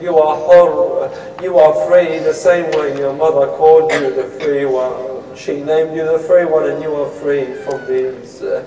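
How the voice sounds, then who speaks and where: A man voicing a noble male leader who speaks slowly and solemnly, in a chanted tone. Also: a little high, flat delivery, dark tone, lightly acted. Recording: echoey hall, mic far off.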